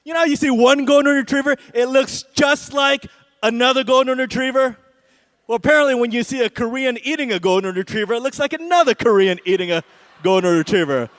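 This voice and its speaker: A man's voice: very high-pitched, brisk, a bit bright. A man doing a stand-up comedy set at an awards show, with a sarcastic, punchy delivery and frequent "right?" asides.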